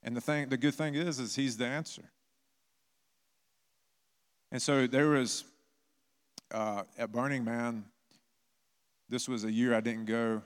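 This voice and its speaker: A man's voice: mid-range voice, fairly even intonation, measured pace, pauses often, clear, resonant tone. A man preaching a sermon as a pastor, telling stories in a conversational way. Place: church. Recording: long reverb of a church hall.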